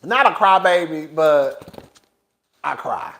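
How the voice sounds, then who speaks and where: A man with a notably high voice spins a casual story for his vlog audience. He talks in an animated, dramatic way and laughs often. He keeps addressing his listeners as girl. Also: measured pace, long pauses. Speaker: vlogger.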